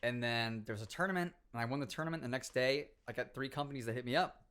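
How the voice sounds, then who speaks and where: A man's voice: mid-range voice, quick pace, a bit bright, smooth. A young man, a podcast guest, telling stories in casual chat, acting out other people's lines and swearing freely. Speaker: podcast guest, former pro gamer.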